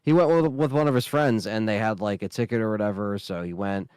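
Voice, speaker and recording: A man's voice: fairly low pitch, fairly quick, a little mellow, smooth, no echo, studio quality. A man co-hosting a casual gaming podcast, easygoing and hesitant, often restarting his sentences. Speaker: podcast co-host.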